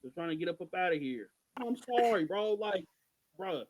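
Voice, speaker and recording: A man with a somewhat raised pitch co-hosts a loose podcast conversation. He talks in an exasperated, emphatic rant, hammering his points home. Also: expressive, normal speed, rough recording. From Missouri. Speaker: podcast co-host. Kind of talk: casual podcast chat.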